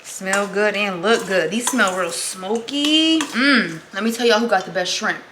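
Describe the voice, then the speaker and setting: A woman's voice: medium pitch, measured pace. Pregnant woman chatting away while she cooks, calls everyone girl and y'all, noisy kitchen with clicks in the background. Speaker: vlogger. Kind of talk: casual chat while cooking. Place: home kitchen.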